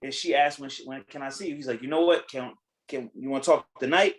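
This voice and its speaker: A man hosting a podcast in casual chat, retelling a reality show in a blunt, animated way, acting out what people said and swearing freely. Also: mid-range voice, fast, low-quality recording. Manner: animated storytelling, acting out quotes. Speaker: podcast host.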